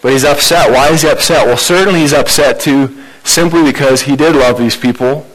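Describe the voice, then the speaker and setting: A man preaching a sermon in a conversational way, asking rhetorical questions and rising in pitch for emphasis. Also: a little fast, fairly bright tone, rough recording. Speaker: pastor.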